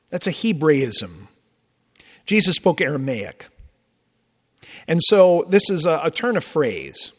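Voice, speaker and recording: A man's voice: on the high side, very animated, a little slow, pauses often, husky. A man, a Lutheran pastor, preaching a sermon with emphatic rises and conversational asides. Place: church sanctuary. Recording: long church reverb.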